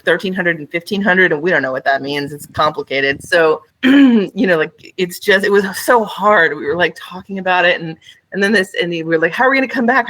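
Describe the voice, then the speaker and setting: Bright, giggly woman telling a story. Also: low-pitched, no echo. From United States. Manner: animated, giggly, lots of fillers. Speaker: podcast co-host. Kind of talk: casual storytelling chat.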